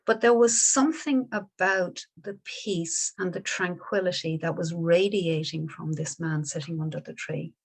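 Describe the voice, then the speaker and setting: A woman, a Buddhist teacher telling a story in a dharma talk, gentle and unhurried with small restarts. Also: on the low side.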